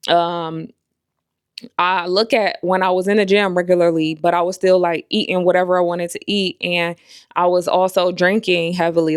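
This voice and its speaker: A young adult woman speaks to her viewers in an easygoing, candid vlog, her voice lowish and smooth. She rambles and restarts with plenty of fillers. The sound is dry and close. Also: fairly even intonation, unhurried, no echo. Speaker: vlogger and life coach. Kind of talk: casual talking-to-camera vlog.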